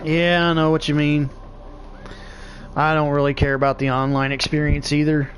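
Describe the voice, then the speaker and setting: A middle-aged man chatting loosely over his gameplay, rambling from topic to topic and swearing freely. His voice sits a little high for a man, and he laughs often. A faint noise floor hangs behind him. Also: level tone, normal speed. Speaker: gaming vlogger. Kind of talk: casual gameplay chat.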